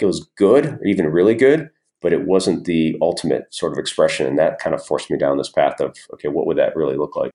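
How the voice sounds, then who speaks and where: Low-voiced guy chatting loosely in an interview, lots of ums and restarts. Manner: relaxed, rambling, frequent fillers and restarts. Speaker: guest entrepreneur. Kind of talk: casual interview storytelling.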